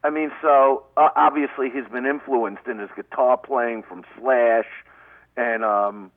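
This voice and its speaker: Middle-aged brooklyn guy rambling loud and crude over a tinny phone line, dry. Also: mid-range voice, steady tone, unhurried, no room sound. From Brooklyn, New York. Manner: brash, rambling, profane. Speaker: guest comedian. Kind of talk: phone-in radio interview.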